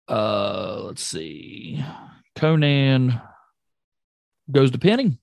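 A man co-hosting a podcast in casual chat, excitable and jokey, often trailing off and restarting. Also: medium pitch, moderate pace, gravelly, dry recording, studio quality. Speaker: podcast co-host recapping wrestling.

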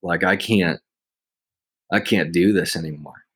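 A man guest speaking haltingly with many "like" fillers. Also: low-pitched, a bit bright, husky. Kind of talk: casual conversation.

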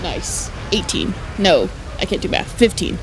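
Hesitant woman player with a lively voice. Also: fairly low pitch, measured pace, background noise. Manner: hesitant, stumbling over words. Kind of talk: casual tabletop game play.

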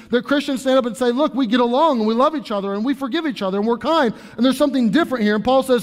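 A man's voice: very high-pitched, in a large hall. A male pastor in his thirties preaching a sermon in an earnest, conversational way, often restarting his sentences. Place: church sanctuary.

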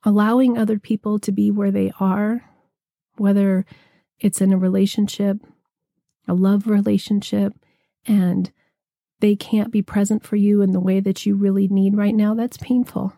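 Soft, dark-voiced woman giving a spiritual talk. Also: mid-range voice, level tone, moderate pace, vocal fry, no echo, clean studio sound.

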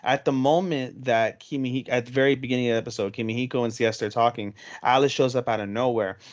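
A man's voice: medium pitch, steady tone. Detail-correcting man, dull lo-fi audio. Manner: corrects details, fast detailed recaps, casual swearing. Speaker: podcast co-host. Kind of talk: casual chat about an anime episode.

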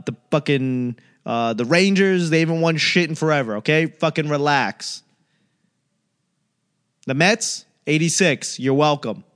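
A man's voice: on the high side, fairly bright tone, smooth. A man hosting a casual solo talk show, ranting on tangents with profanity and sarcastic mimicry. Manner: rambling tangents. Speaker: solo podcast host.

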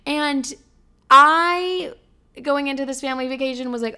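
A woman's voice: high-pitched, unhurried, bright, forceful tone. Profane chatty young woman podcaster. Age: 20s. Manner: chatty, blunt and profane, heavy filler "like". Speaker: podcast host. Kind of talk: casual solo podcast chat.

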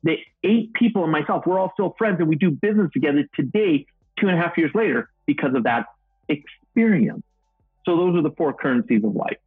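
A middle-aged man with a slightly raised, husky voice tells upbeat stories as a guest speaker. His sound is dry and thin, like a phone-quality remote call, with faint music underneath. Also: a little high, lively intonation, fairly quick, no room sound. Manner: upbeat, self-described goofball, acts out quotes. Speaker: guest, motivational speaker and trainer. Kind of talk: energetic storytelling interview answer.

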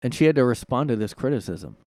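A man's voice: medium pitch, expressive, fast, a little mellow, no room sound. Rambling sarcastic guy podcasting alone. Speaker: podcast host. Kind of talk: casual solo commentary. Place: his own room.

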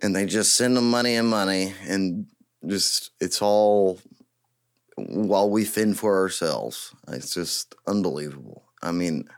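A man hosting a podcast in a casual, joking, rambling way, getting excited as he riffs. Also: low voice, a little slow, smooth. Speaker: podcast host and guitarist.

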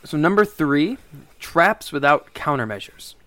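A man's voice: a little high, sing-song, sharp tone, dry recording. A man co-hosting a podcast, chatting about tabletop game design in a jokey, agreeable way. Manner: jokey, agreeable, quick to laugh. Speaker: podcast co-host. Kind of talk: casual tabletop advice chat.

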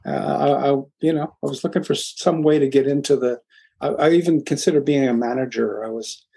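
Mellow older man, rambling storyteller. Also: mid-range voice, steady tone, gravelly, breathy edge. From Philadelphia, USA. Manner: rambling, halting, with frequent restarts. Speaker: guest, music producer. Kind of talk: casual interview storytelling.

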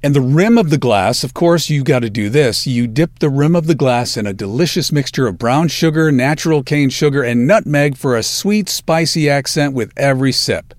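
A man hosting a podcast, talking casually and enthusiastically about food with drawn-out emphasis. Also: medium pitch, lively intonation, dry recording. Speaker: podcast host.

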